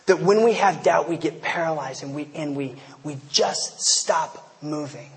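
Male pastor, casual sermon delivery with slangy asides, light high voice, hall echo. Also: a little slow. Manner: conversational, storytelling, slangy asides. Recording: long hall reverb.

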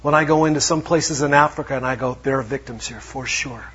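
A man preaching a lively sermon, acting out little quotes as he goes. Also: mid-range voice, a little fast, husky. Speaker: pastor. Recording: dull lo-fi sound.

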